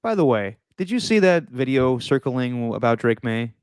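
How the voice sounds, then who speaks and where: A man hosting a casual sports chat show, talking loosely, laughing easily and slipping into quick impressions of people he quotes. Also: mid-range voice, big pitch swings, a little mellow, smooth, no room sound. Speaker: podcast host.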